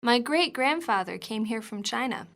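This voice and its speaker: Woman for lesson dialogues: slightly high, clear, even reading. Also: moderate pace. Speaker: dialogue reader for an English lesson.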